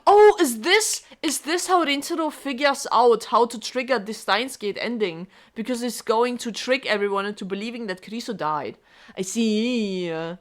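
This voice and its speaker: A woman streamer reading a game aloud and reacting with emotional, expressive comments. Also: fairly high pitch, normal speed.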